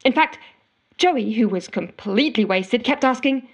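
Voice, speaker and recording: Desperate, wry woman narrating in a comedic audio drama; exasperated, slightly high pitch. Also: animated, unhurried, lo-fi sound. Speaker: narrating character.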